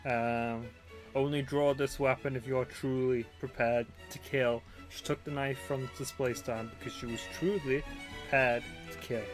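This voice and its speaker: A scrappy young defense lawyer, played by a man in his own voice, blunt and brash, thinking aloud and bluffing her way through. Loud game music sits behind her. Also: medium pitch, steady tone, normal speed, lightly acted. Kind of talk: let's play voice acting.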